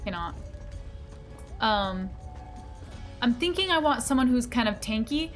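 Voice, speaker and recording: A woman's voice: fairly high pitch, lively intonation, measured pace, soft background music. A woman streaming a game, chatting casually with her viewers in a bubbly, giggly manner. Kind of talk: casual live-stream chat while gaming.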